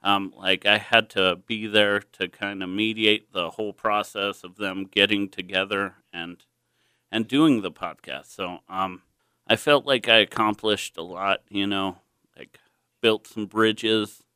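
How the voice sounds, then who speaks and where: A man's voice: lowish voice, steady tone, a little slow, sharp tone, smooth, dry recording, studio quality. A man with a slight lisp, a guest on a comedy podcast, chatting in an easygoing, laid-back way. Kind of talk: casual chat.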